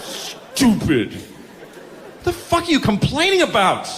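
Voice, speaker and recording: A man's voice: very high-pitched, huge pitch swings, takes it slowly, a bit bright, echoey room, in a large hall, pitched above the performer's own voice, exaggerated voice. Man doing a griping God at an ATM. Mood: exasperated. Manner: exasperated griping. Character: grumbling God, annoyed at an ATM. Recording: live show, audience noise.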